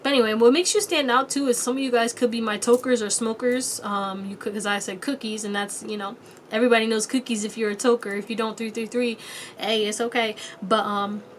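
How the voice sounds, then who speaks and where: A chatty woman reads tarot cards in a loose, casual way, laughing often and swearing freely. Her voice sits a little high for a woman. A faint hiss runs under the recording. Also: steady tone, fairly quick. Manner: playful high-pitched quoted voices. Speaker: tarot reader. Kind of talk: casual pick-a-card tarot reading.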